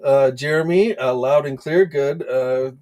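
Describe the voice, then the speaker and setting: A man hosting a casual livestream, chatting in a relaxed way with plenty of "um"s and "uh"s and greeting viewers by name. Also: medium pitch, measured pace. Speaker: host of an action figure news livestream. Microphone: desk microphone.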